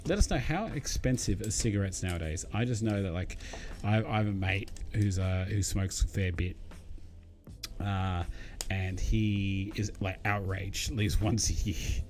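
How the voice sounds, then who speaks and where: A man's voice: on the low side, unhurried, darkish tone. A young Australian man chatting casually to viewers during a live build, rambling with lots of fillers. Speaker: streamer. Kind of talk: casual live-stream chat while building.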